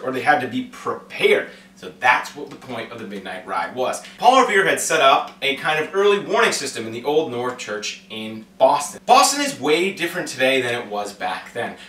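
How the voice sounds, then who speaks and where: A man teaching history in a casual, jokey style, tossing in little comic voices as he goes. His voice is bright and animated, swinging widely in pitch. He sounds set back from the mic in an echoey room. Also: far from the mic. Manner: playful, acts out quick comic voices. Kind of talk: casual educational explainer.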